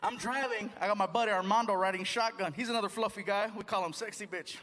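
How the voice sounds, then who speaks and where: A male stand-up comedian tells a long, animated story before a live crowd. His voice sits very high and lively. The recording is noisy. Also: fast talker. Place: stage before a live audience.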